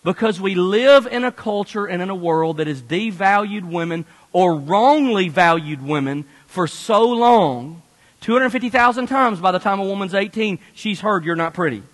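A man preaching a sermon as a pastor, animated and conversational, speaking directly to the congregation. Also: high-pitched, moderate pace, big-room sound, low-quality recording.

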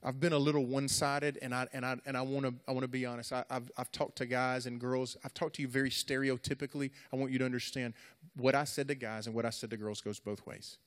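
A man's voice: medium pitch, level tone, fast, hardly any pauses. A middle-aged man preaching to young people in an earnest, repetitive, conversational way. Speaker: youth pastor. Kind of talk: sermon. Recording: echoey hall.

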